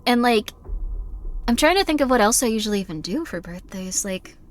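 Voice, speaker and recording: A woman's voice: a little high, lively intonation, a little fast. A young woman streamer chatting casually while she plays, rambling with lots of fillers and self-deprecating asides. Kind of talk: casual live-stream chat while gaming.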